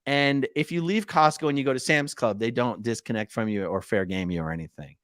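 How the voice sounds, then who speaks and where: A man's voice: medium pitch, a little fast, fairly bright tone, no room sound, clean studio sound. A man co-hosting a casual podcast, playfully teasing and reading out viewer comments in bursts. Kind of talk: casual chat.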